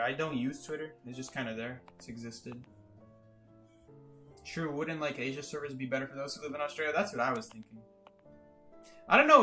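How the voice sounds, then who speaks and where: A man chatting casually on a live game stream, his voice bright and a little higher than most men's. He rambles, corrects himself mid-sentence and laughs easily, with soft music playing quietly behind him.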